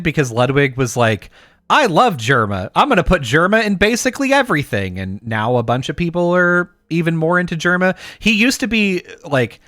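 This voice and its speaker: A man co-hosting a podcast in casual chat, animated and swearing freely. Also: on the high side, no echo, clean studio sound. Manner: animated, swears freely, acts out goofy voices. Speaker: podcast co-host.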